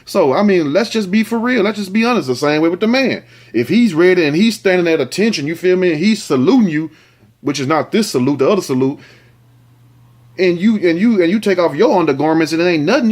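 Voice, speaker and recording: A man's voice: fairly high pitch, lively intonation, fairly quick. Man riffing crudely on a news story. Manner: crude, joking asides between reading news lines. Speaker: host. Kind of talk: comedic news commentary.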